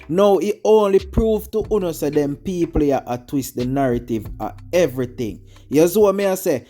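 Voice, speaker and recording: A man's voice: fairly high pitch, mellow. A man with a Jamaican accent hosting a commentary channel, talking straight to his viewers and keeps calling them "my people". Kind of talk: casual commentary.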